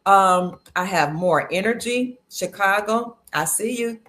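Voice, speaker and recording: An upbeat woman from Cleveland, Ohio, hosting a live stream. She talks casually and chattily, reading out comments from viewers. Her pitch is middle-of-the-road for a woman. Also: slow, a bit bright. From Cleveland, Ohio, USA. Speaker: livestream host. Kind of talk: casual livestream chat greeting viewers.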